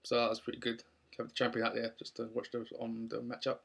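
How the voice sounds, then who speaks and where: A man's voice: medium pitch, monotone, fast talker, creaky. A young man recapping a wrestling show in a casual, rambling way with lots of ums. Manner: rambling, many ums and restarts.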